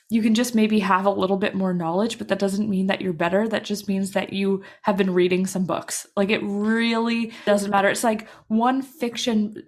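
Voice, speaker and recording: Woman co-host, mid pitch, earnest encouraging chat full of "like". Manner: earnest, encouraging, many "like" fillers. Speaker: podcast co-host. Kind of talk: casual chat.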